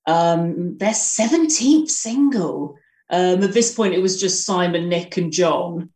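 A woman guest on a radio music show, talking quickly and eagerly about her favourite songs. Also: on the low side, a little mellow, recorded from a distance. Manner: quick, enthusiastic music talk. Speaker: guest presenter. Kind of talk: casual chat. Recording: roomy sound from off-mic.

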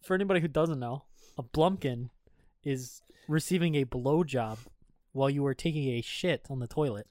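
A man's voice: mid-range voice, moderate pace, darkish tone, no room sound, clean studio sound. A man in his twenties chatting casually, swearing freely and telling stories with frequent laughs. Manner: profane, storytelling, laughs often. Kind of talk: casual chat.

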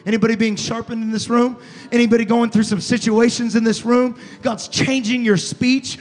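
A male pastor preaching a fervent sermon to a congregation, dropping to a hush and then rising to shouts. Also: extremely high pitch, little pitch movement, moderate pace, big-room sound. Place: church sanctuary before a congregation.

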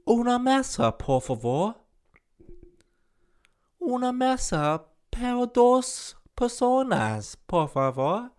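A man doing a chirpy, posh Englishman on a solo podcast, with a mock English accent and a bouncy tone. The voice sits high above his usual range and hams up every line for laughs. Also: smooth, exaggerated voice. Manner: high, chirpy, over-the-top put-on. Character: posh Englishman ordering in broken Spanish.

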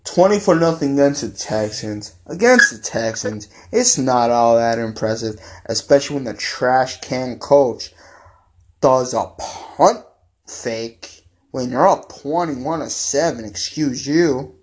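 An angry male podcast host in a heated football rant, hammering the same phrases over and over and cursing freely. His pitch sits in a middling range for a man. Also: expressive, takes it slowly. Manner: angry, repetitive, profane ranting. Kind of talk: ranting sports podcast talk.

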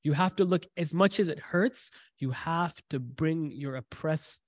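Guy giving a sermon, tells stories w/ quotes and repeats himself for emphasis, a bit high voiced, dry sound. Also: a little slow, dry recording. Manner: storytelling with quoted dialogue and repeated lines. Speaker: preacher.

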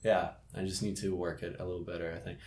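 Man, low voice, casual chat, self-mocking, laughs a lot, roomy echo. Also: little pitch movement, quick pace, darkish tone. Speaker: comedy show host. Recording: echoey room.

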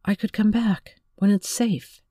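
A narrator voicing a lonely, tearful young woman who speaks gently and pleadingly, in an audiobook reading. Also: mid-range voice, steady tone, a little slow, husky, no room sound, studio quality, voice pushed up.

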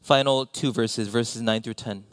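A man preaching a sermon as pastor, animated, with self-deprecating asides and sudden drops to near-whispers. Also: medium pitch, a little slow, dry recording.

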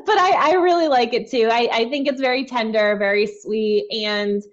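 Casting: higher-voiced woman, giggly, rambling chat, dull lo-fi sound. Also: normal speed. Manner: giggly, rambling, playfully quotes scenes. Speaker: podcast co-host. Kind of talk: casual chat.

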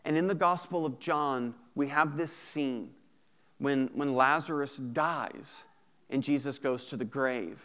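A man preaching a sermon, swinging between loud bursts and quiet, intense passages, with casual asides to the congregation. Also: medium pitch, slow pace. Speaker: pastor.

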